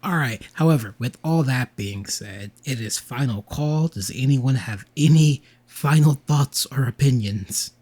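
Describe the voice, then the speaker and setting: A man's voice: mid-range voice, unhurried, hardly any pauses, a little mellow, breathy edge. A man hosting a casual podcast, laid-back and slangy with casual swearing, sleepy and with a sore throat. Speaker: podcast host. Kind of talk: casual late-night podcast chat.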